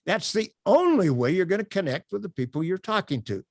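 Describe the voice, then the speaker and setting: A man's voice: high voice, a little fast, no echo, studio quality. A man leading an online workshop as its instructor, talking emphatically with many "uh" fillers. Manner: animated, emphatic, with frequent uh fillers. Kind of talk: live online workshop teaching.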